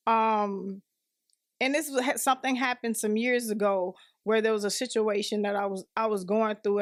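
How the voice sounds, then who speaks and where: A woman's voice: a little high, dry recording, clean studio sound. A woman as a podcast guest, sharing her personal story earnestly and acting out what others said. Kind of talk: personal testimony in conversation.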